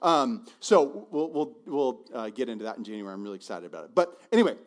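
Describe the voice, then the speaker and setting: A male pastor preaching a sermon in a conversational, animated way, often repeating words as he goes. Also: medium pitch, fast talker.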